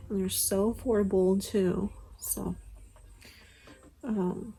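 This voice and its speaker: This young woman's medium-pitched voice is warm, creaky and a bit rough, with fairly even intonation and a slow pace. She chats loosely through a makeup tutorial, leaning heavily on fillers, as a beauty vlogger filming at home. It's recorded on a phone camera, so the quality is poor.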